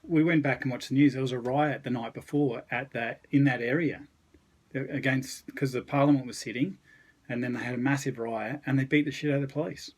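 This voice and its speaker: An Australian man in the middle of his register, spinning travel yarns in a relaxed, rambling way. He swears lightly and keeps a casual, unhurried storytelling flow. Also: mid-range voice, breathy edge, low-quality recording. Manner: laid-back, rambling anecdotes with mild swearing. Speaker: podcast guest.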